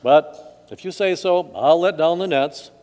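A man's voice: on the high side, unhurried, darkish tone, big-room sound, close to an everyday voice. A man voicing a weary, humbled fisherman, reading scripture aloud in a church.

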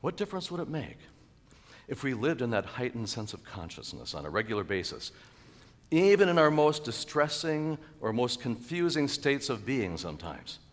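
A male pastor preaching a sermon in a church, animated and chuckling, with sudden loud exclaimed quotes. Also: mid-range voice, moderate pace, long reverb tail. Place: church sanctuary.

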